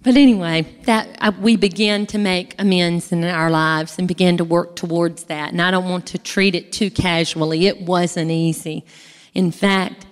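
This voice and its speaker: A woman's voice: fairly low pitch, steady tone, moderate pace. A woman gives a chatty church testimony from a stage, talking straight to the audience. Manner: folksy, chatty, addresses the audience directly. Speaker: speaker giving a testimony. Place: large hall, speaking from a stage. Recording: echoey hall with long reverb.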